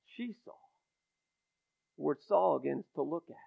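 Heard as if through a phone, thin and narrow, a male preacher's high, gravelly voice delivers an impassioned sermon at normal speed. He's expressive, sinking to near-whispers and then swelling into loud, ringing proclamations.

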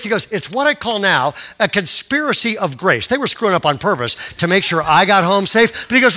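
A male pastor telling a story in a sermon, animated, dropping to a hush and rising to loud excitement. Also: high voice, fairly quick, few pauses.

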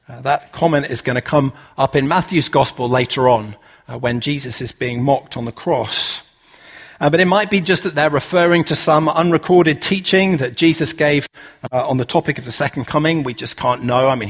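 A man preaching a relaxed, conversational sermon, full of "uh" fillers and rhetorical questions. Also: fairly high pitch, breathy edge.

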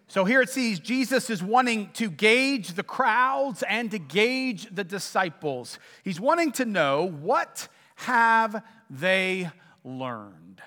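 Man, pastor, lively high-pitched sermon voice, church echo. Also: takes it slowly. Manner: animated storytelling preacher.

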